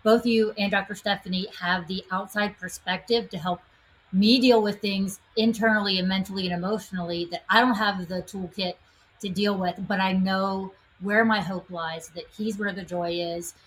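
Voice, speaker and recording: A woman co-hosting a podcast, speaking in a heartfelt, grateful and somewhat halting way. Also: mid-range voice, steady tone, a little hiss or hum, rough recording. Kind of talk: podcast conversation.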